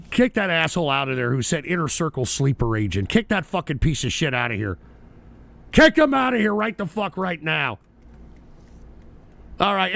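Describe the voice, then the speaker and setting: A man's voice: fairly high pitch, gravelly, a bit bright. A man hosting a live-streamed talk show, reading out odd news stories with brash, profane, mocking commentary. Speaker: political talk show host.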